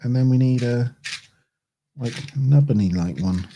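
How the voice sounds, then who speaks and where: An unhurried man keeps up a casual commentary to his stream as he puts together a model. He talks at a leisurely pace, wondering aloud about each step and laughing softly when he gets it wrong. His pitch sits in an ordinary middle range. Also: background noise. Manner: thinks aloud, chuckling and self-correcting as he works. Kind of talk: casual livestream chat while building models.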